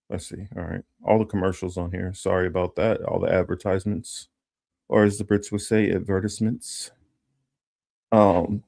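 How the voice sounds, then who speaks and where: A man with a lowish voice hosting a casual political livestream. He rambles with lots of ums and restarts, breaking off to read news items aloud. The sound is dry and close, with no room around it. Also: creaky, mellow, dry recording. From Los Angeles area. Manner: rambling, many fillers and restarts; reads news text aloud. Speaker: political commentary host.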